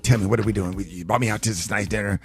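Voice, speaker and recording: A man hosting a morning radio show, teasing and joking with animated, repetitive banter. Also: fairly low pitch, very fast, faint music behind. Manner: animated, teasing, repeats himself for laughs.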